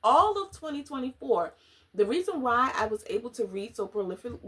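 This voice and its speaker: A woman chatting casually in a book review vlog, animated and slangy, dramatic and often laughing. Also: a little high, brisk. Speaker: book vlogger.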